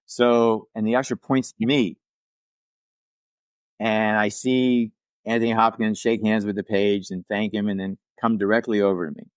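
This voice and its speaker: Older male guest, low-pitched, dry close sound, rambling anecdotal delivery. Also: dry recording. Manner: rambling storyteller with restarts and asides; acts out quoted people in livelier voices. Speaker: podcast guest, actor and writer. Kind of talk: casual anecdote-telling.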